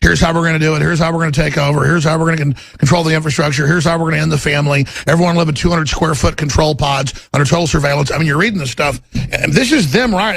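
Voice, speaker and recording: A middle-aged man hosting a political talk radio show, delivering an intense, ranting monologue with a gravelly, husky voice. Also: fast, fairly bright tone, no echo. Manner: intense, ranting, swings to menacing low growls in acted quotes.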